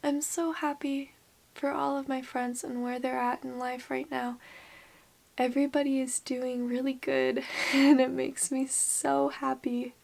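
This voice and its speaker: A young woman vlogging casually, speaking softly and emotionally, often slipping into a whisper. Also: high voice, level tone, a little slow, vocal fry. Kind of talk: casual vlog chat.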